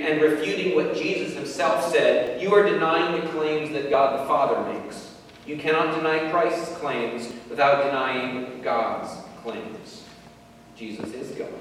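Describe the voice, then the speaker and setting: A man's voice: medium pitch, fairly bright tone, slight background noise. A man preaching a sermon and reading scripture aloud, earnest and emphatic, asking rhetorical questions. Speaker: pastor. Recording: echoey hall, distant mic, faint ambience.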